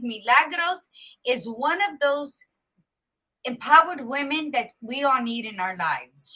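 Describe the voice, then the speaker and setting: A woman's voice: a little high, bright, forceful tone, rough recording. A woman hosting a casual chat, chatty and dropping in Spanish asides. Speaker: host.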